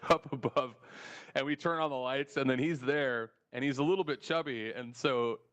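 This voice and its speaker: A man hosting a casual podcast, telling stories in a profane, lively way and acting out the people in them. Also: mid-range voice, normal speed. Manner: profane, animated storyteller who acts out quoted people. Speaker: podcast host. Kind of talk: casual storytelling chat.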